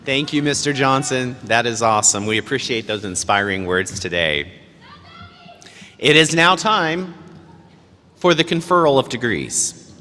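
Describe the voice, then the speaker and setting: A man serving as provost, formally presenting degree candidates at a graduation ceremony in measured tones. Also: mid-range voice, animated, bright, forceful tone, slight background noise. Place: large hall. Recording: long hall reverb, faint ambience.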